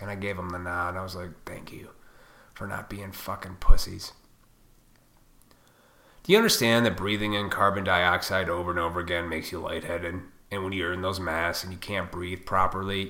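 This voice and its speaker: A man's voice: sits low, pushed and bright. A man hosting his own podcast, ranting profanely and combatively, now and then mocking other people in put-on voices. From Illinois. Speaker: podcast host.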